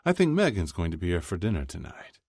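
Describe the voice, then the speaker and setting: A man's voice: low-pitched, huge pitch swings, quick pace, darkish tone, dry recording, studio quality, full character voice. A man voicing a fond, nosy middle-aged father who teases in a sing-song way. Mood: nosy teasing.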